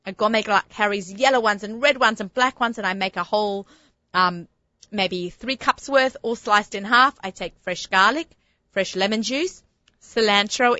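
A woman's voice: mid-range voice, pushed and bright, no room sound, dull audio. An Australian woman hosting a radio food show, chatting casually and gushing over a recipe. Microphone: studio microphone.

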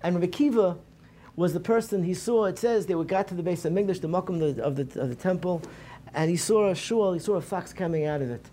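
Earnest man, mellow voice, Torah lecture. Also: high voice, fast talker. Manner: earnest, repeats and restarts phrases, mixes in Hebrew terms. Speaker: rabbi giving a lecture. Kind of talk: Tisha B'Av Torah lecture. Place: synagogue program.

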